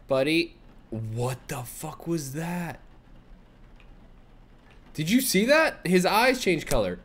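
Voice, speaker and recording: A man's voice: on the high side, sing-song, slow, pauses often, a bit bright, breathy edge. A young man giving casual gameplay commentary on a let's play, reacting with startled yelps and swearing and cooing at an in-game baby.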